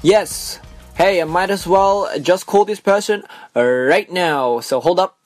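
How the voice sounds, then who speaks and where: A young man with an Australian accent hosting a casual radio chat, full of fillers and quick laughs. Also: high-pitched, no echo, faint music behind. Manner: chatty, laughs often, many fillers. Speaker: radio host.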